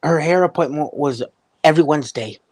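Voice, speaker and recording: A man joins the chat with a playful anecdote, his voice sitting a bit high for a man. The sound is dry and close, with no room echo. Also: fairly quick, a little mellow. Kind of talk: casual chat.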